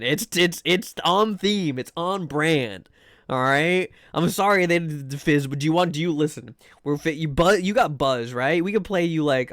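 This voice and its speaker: A man's voice: a little high, fairly bright tone, dry recording, studio quality. A man streaming live, chatting casually with viewers in a rambling way, full of fillers and restarts. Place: home room.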